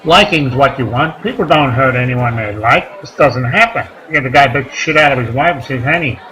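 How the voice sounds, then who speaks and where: A man performing a stand-up comedy set, rambling between deadpan one-liners and crude asides. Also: medium pitch, fairly quick, rough recording. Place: comedy club stage. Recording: live club recording with crowd noise. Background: audience laughter and room noise.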